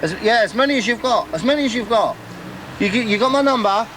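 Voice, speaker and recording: A man's voice: very high-pitched, animated, fast, background noise. A man hosting a comic monologue, boastful and rambling, chuckling at his own stories. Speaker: comedy character host.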